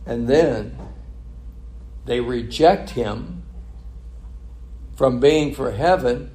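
Animated man preaching a sermon. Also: mid-range voice, extremely slow, pauses often. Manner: animated, chuckling, mimics voices of the crowd.

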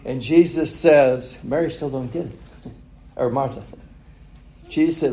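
Slow, mellow-voiced preacher man. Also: mid-range voice, roomy sound, rough recording. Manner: storytelling with chuckles and rhetorical questions. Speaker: pastor. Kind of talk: sermon.

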